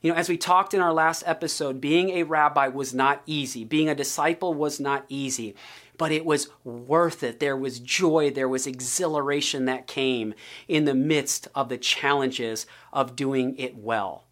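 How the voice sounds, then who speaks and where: A woman teaching the Bible on a podcast, earnest and steady, slowing down to stress key points. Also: very deep voice.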